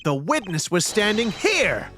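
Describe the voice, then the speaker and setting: A man's voice: high voice, very animated, measured pace. A man playing through a courtroom game with friends, reading dialogue dramatically and chatting. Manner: playful, dramatic line reading. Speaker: game player and reader. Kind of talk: let's play chat and dialogue reading.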